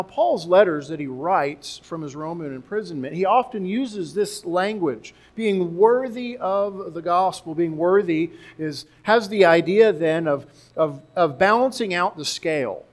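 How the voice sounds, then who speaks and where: A man with a somewhat raised voice preaches a teaching sermon. He walks his church through scripture, explains Greek word meanings and repeats key words for emphasis. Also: on the high side. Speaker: pastor.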